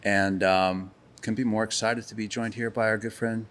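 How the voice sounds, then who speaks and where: A man's voice: fairly low pitch, level tone, normal speed, a bit bright. A man hosting a podcast in a casual, upbeat and joking way, recorded inside an old industrial building. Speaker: podcast co-host.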